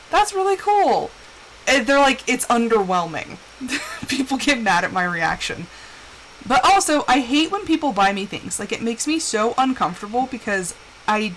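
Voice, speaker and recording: A woman's voice: fairly high pitch, a bit bright, slight background noise, rough recording. A young woman chatting candidly while live-streaming a game, acting out quoted voices as she tells stories. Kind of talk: casual chat while gaming.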